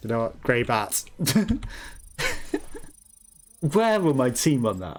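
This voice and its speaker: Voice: medium pitch, very animated, slow, long pauses, faint music behind. A let's play host giving casual gameplay commentary, chatty and jokey, laughing often and calling out to teammates.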